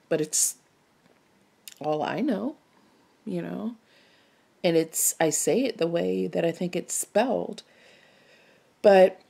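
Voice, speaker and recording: A woman's voice: on the low side, gravelly, darkish tone. A woman from Maryland chatting casually while she stitches, rambling and musing aloud with lots of self-questions. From Maryland, United States. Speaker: cross-stitch vlogger.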